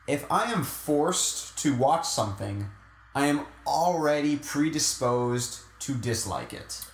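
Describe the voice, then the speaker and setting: A man's voice: on the high side, animated, slow. A young man co-hosting a podcast, rambling in a casual, self-mocking, jokey way. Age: young adult. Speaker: podcast co-host. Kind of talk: casual chat. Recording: echoey room.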